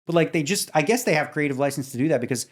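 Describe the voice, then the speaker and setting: Excitable man chatting on a podcast. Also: rapid-fire. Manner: excitable, animated storyteller who jumps up in pitch when amazed. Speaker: podcast co-host. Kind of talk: casual chat.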